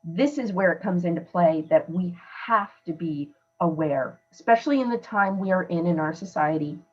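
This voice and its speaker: At a normal speed and in a lowish voice, a woman hosting a podcast offers heartfelt, emphatic guidance in a relaxed coaching style. The sound quality is dull.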